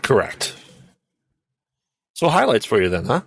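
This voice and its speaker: A man's voice: lowish voice, big pitch swings, a little slow, creaky, breathy edge, no echo. Dry-witted male podcast co-host. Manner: dry, brief quips and short agreements. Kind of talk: casual movie review chat.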